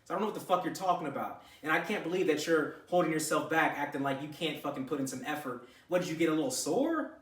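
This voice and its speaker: A man's voice: a little high, animated, quick pace, hardly any pauses, fairly bright tone, far from the mic. Brief: man, blunt profane lecturer, camera mic set back in an echoey room. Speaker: vlogger giving gym advice. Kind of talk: unscripted talking-to-camera rant.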